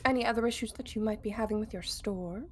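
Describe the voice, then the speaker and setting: A woman's voice: on the high side, fast talker, slight background noise. A woman player in a tabletop game, talking politely and a little hesitantly in character.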